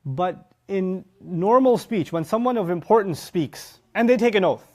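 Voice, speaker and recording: Speak as a male teacher giving a lively religious lecture. His voice sits a little high, and he hammers the key words home. He slips into quick impressions of students as he explains the text. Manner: emphatic, punches key words, acts out listeners' reactions. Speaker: teacher of Quran.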